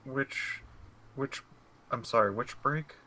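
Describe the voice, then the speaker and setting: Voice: medium pitch, slow, bright, forceful tone. A player in a tabletop game speaking hesitantly, stumbling and restarting. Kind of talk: playing a character in a tabletop game.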